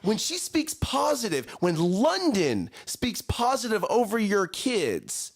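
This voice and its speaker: A lively man in his thirties talks like a coach on a casual morning show. His pitch rises and falls a lot, and he doubles back on his words as he makes his point. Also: takes it slowly, husky. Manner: animated, repeats words, coaching tone. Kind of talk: casual chat.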